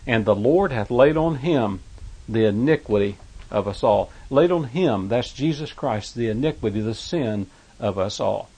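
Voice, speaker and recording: A man preaching a sermon, reading scripture aloud in old-fashioned wording and explaining each verse, his voice rising and growing louder on the quoted verses. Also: animated, measured pace, husky. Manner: reads scripture aloud in King James wording, then explains it; rises in pitch and force on quoted verses.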